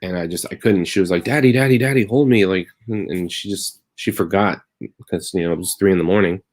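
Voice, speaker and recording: A man with a low, deep voice talks on a live stream from his bedroom. He tells a meandering story in a loose, chatty way that swings between wry jokes and quiet tenderness. The sound comes through a plain computer mic. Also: steady tone, brisk. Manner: rambling storytelling, turning wry then tender. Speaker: comedian hosting a live stream. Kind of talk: casual confessional monologue.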